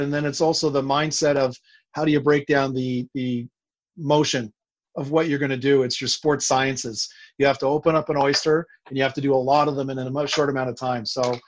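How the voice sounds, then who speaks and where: A man's voice: fairly high pitch, no room sound. A man talking casually and enthusiastically as an expert guest, explaining in detail with frequent restarts. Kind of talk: casual interview talk.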